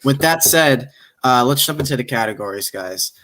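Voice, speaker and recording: A man's voice: medium pitch, lively intonation, moderate pace, fairly bright tone. A man hosting a movie podcast, steering the talk and calling on his guests. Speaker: podcast host.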